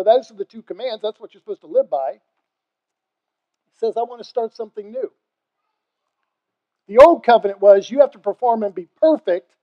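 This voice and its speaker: An older man preaching as pastor, impassioned, swinging between quiet talk and loud emphatic calls. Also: sits high, lo-fi sound. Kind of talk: sermon.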